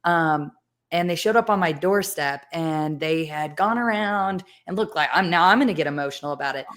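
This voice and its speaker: A woman hosting a casual podcast chat, a mother sharing reflective, emotional stories that turn animated in bursts. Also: low-pitched, moderate pace. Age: adult with children. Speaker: podcast host.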